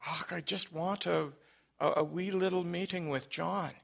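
A man voicing a bumbling Scottish man on the phone, talking in a soft, hesitant, stammering way with a put-on Scottish accent. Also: high voice, fairly even intonation, normal speed, gravelly, voice pushed up, full character voice. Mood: hesitant pleading.

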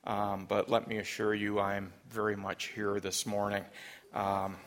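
A Canadian man delivers a sermon at an unhurried, deliberate pace. He preaches in a relaxed, conversational way, dropping in light humor and frequent ums and uhs. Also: fairly low pitch. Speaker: pastor.

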